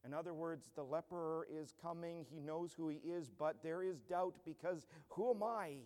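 Man, pastor, earnest sermon, rather high voice, long church reverb. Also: normal speed, darkish tone. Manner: earnest, emphatic expository preaching.

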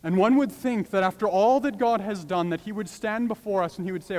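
A man's voice: high-pitched, brisk, hardly any pauses, a little mellow, long reverb tail. A man preaching a sermon, pleading with passion and rising to urgent cries.

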